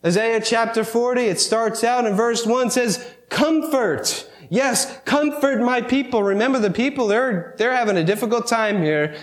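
A man preaching a sermon, reading scripture slowly and with emphasis, then explaining it with wry asides. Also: very high-pitched, roomy sound. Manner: reads scripture slowly and emphatically, with mock self-important asides.

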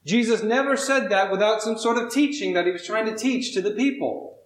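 A man's voice: sits high, slight background noise. Man preaching in an echoey room. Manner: measured, drawn-out delivery with dramatic pauses. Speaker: pastor. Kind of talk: sermon with scripture reading and storytelling.

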